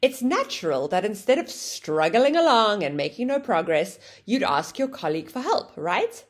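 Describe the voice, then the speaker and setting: A woman teaching an online English grammar lesson, explaining with a lively, sing-song intonation. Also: mid-range voice, normal speed.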